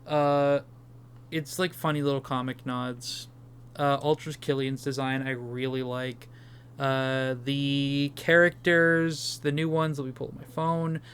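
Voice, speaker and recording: Smooth-voiced young man chatting about movies. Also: medium pitch, level tone, fairly bright tone. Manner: enthusiastic, swears casually, quick asides. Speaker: podcast co-host. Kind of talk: casual movie review chat.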